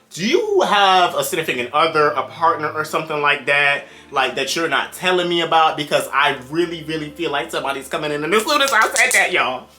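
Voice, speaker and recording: A young man spins a wild story for his viewers. His voice sounds bright and forceful. It leaps up and down with lots of animation, and faint music plays in the background. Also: on the high side. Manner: animated, exclaiming, addresses viewers directly. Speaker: storytime vlogger.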